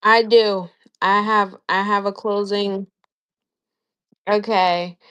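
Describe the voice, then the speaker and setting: A woman co-hosting a live-stream chat at a slow, unhurried pace. Her pitch sits in an ordinary middle range, and she talks in an animated, emphatic way that drifts into tangents. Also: clear, resonant tone.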